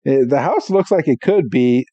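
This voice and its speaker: A man co-hosting a podcast, casually recapping a cartoon episode and acting out the characters' lines with lively voices. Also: mid-range voice, moderate pace, no echo, muffled recording. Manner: animated storyteller, acts out character lines.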